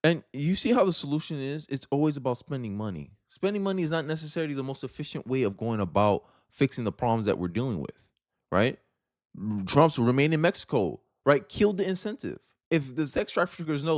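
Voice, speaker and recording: A man's voice: a little high, expressive, a little fast, a little mellow. A man giving emphatic, informal political commentary in a vlog, often throwing rhetorical questions at his viewers.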